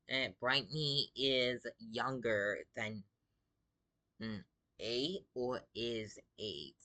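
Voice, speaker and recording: A man who is sick talks slowly and casually as he reads chat messages aloud. His voice is bright and sharp, with a medium pitch. He sounds exasperated and drawls, with "like" in almost every sentence. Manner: exasperated, drawling, many "like" fillers. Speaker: gaming video creator. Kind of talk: casual commentary reading out game chat.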